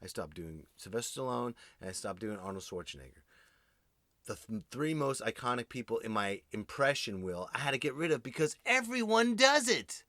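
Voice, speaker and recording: A man hosting a podcast, delivering an animated comedic monologue, swearing freely and talking straight to his listeners. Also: mid-range voice, moderate pace, dry recording. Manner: addresses listeners directly. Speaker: podcast host.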